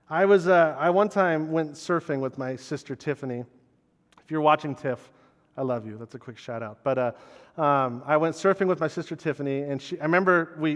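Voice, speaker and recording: A man's voice: on the high side, big-room sound. A man preaching a conversational sermon as pastor, earnest and personal, often repeating words as he restarts a thought.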